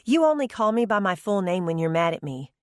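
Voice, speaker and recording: A woman's voice: medium pitch, big pitch swings, brisk, no room sound, studio quality, close to an everyday voice. A woman voicing a suspicious, blunt grown daughter in an audiobook. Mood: irritated. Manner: sharp, insistent.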